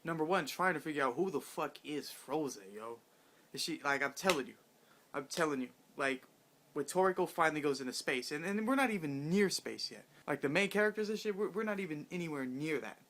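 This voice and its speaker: A man giving a casual, rambling chapter review, excited and full of profanity and slang. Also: a little high, brisk, a little hiss or hum.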